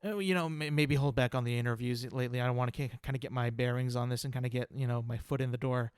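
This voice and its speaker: A man's voice: medium pitch, steady tone, fast talker, clean tone, no room sound, clean studio sound. A young man hosting a solo comedy podcast, rambling and full of fillers, joking at his own expense. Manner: rambling, filler-heavy, self-deprecating. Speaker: podcast host.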